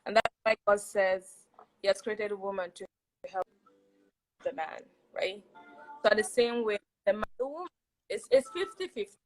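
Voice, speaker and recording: A woman chatting as a guest on a video call, animated and emphatic, often repeating herself for effect. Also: medium pitch, normal speed, pauses often, faint music behind, rough recording. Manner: animated, laughing, emphatic repetition. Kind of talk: casual chat on a video call.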